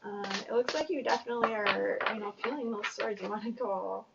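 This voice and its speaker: A woman's voice: on the high side, a little fast, creaky, very noisy. A woman giving a casual weekly tarot reading, chatty and rambling, a little self-conscious as she goes. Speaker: tarot reader. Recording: dull, distant mic.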